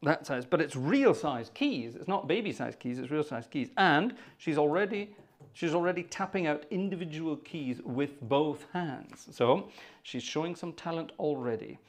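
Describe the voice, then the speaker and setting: With a fairly high voice and lively intonation at a normal speed, a man hosts a livestreamed organ concert. He greets viewers by name in a chatty, joking manner and mocks himself along the way.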